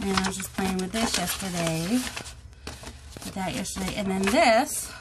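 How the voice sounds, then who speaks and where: A woman's voice: mid-range voice, normal speed, very noisy. Rambling chatty woman crafter. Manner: rambling, self-deprecating, laughs at herself. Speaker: crafting channel host. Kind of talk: casual chat.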